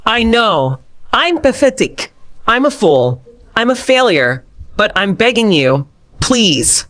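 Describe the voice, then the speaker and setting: A woman's voice: on the high side, very animated, takes it slowly, fairly bright tone, heavily acted. A woman voicing a desperate, ruined man who pleads and sobs. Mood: pleading. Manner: pleading, sobbing.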